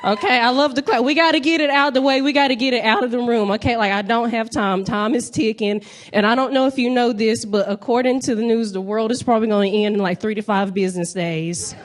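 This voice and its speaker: A woman's voice: fairly high pitch, fairly even intonation, fast. A young woman from North Carolina, doing a brash, playful stand-up set and talking straight to the crowd from a comedy club stage.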